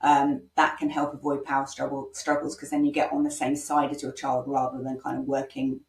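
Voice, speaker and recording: A woman with a low voice coaches parents in an informal online workshop. She talks in a loose, conversational way, full of ums, and slips into example phrases meant for children. Her voice sounds roomy and a little distant from the microphone. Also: completely flat delivery, a little fast.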